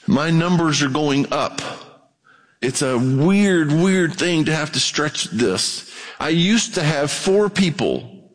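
A male pastor preaching a conversational sermon. He acts out quotes and builds to a fervent, impassioned delivery. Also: a little high. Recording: long hall reverb.

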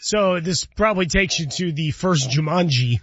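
A man co-hosting a sports talk show, dropping wry quips in a high, bright, husky voice. He sounds dry and a little dull, close on a studio mic. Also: lively intonation, normal speed, dry recording. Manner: wry quips and short agreements. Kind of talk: casual sports talk chat.

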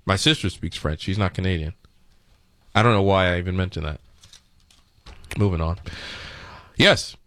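A man's voice: low voice, normal speed, pauses often, a bit bright, no room sound. A male radio host giving sarcastic, mocking running commentary over played clips. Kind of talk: comedic talk radio commentary.

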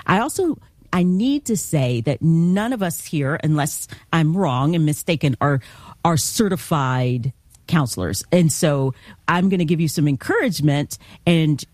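Woman host, lowish voice, affirming and steady, dry sound. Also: measured pace, no room sound. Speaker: radio show host. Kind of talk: Christian call-in radio hosting.

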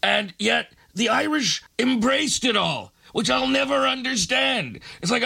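A man's voice: high voice, lively intonation, moderate pace, creaky, hardly any pauses, pushed and bright. A man hosting a late-night radio show, delivering a sarcastic, ranting comic monologue.

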